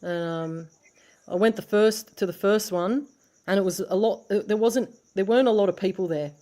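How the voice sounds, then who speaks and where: A woman's voice: medium pitch, normal speed, warm tone. An Australian woman in casual conversation, telling a blunt, sweary story and acting out what people said. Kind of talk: casual chat.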